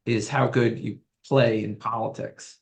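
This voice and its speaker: Male podcast host, mid-pitched, measured and probing. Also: flat delivery. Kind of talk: interview questions.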